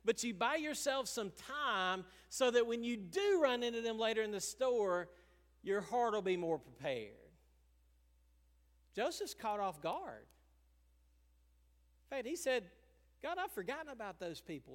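A man with a notably high voice preaches from the pulpit and carries his words along with chuckles. He breaks into little acted-out quotes now and then. His voice rings through a church sanctuary with a long reverb tail. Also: big pitch swings, measured pace, pauses often. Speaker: pastor. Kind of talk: sermon.

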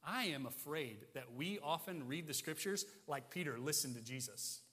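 A man preaching a sermon as pastor, emphatic, asking rhetorical questions and swinging between loud stresses and quiet asides. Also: mid-range voice, brisk, hardly any pauses, long reverb tail.

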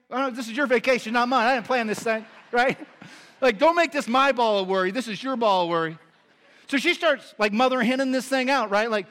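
A man, a pastor, delivering a sermon, moving between earnest teaching and animated storytelling. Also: very high voice, fast talker. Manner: animated storytelling with lively impressions.

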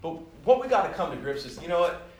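A man giving a sermon in a conversational, self-deprecating way, growing animated as he tells personal stories. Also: sits high, quick pace, slight background noise. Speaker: pastor. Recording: echoey room heard from a distance.

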